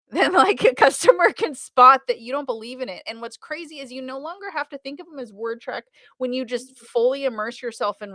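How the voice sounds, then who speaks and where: A woman's voice: fairly high pitch, fairly bright tone, no echo, studio quality. An American woman in the car sales business, chatting energetically in an interview, laughing often and restarting her sentences. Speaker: automotive sales trainer, guest. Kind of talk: casual interview chat.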